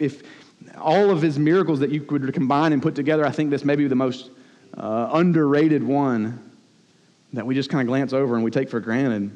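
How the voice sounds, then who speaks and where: A man preaching a sermon as pastor, telling a story with animated, acted-out rebukes. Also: mid-range voice. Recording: long hall reverb.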